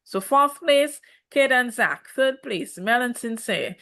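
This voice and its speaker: A woman's voice: on the high side, lively intonation, slow, pushed and bright. A woman, reviewing a reality show in casual commentary, sassy and sarcastic, slipping into mocking quoted voices.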